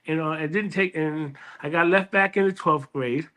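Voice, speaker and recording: A man, telling his life story in an interview. His voice sits fairly high for a man, and he tells it with lively energy. He often restarts phrases and acts out the voices of people he quotes. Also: normal speed. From New York City. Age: 60s. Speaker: librarian and interview guest.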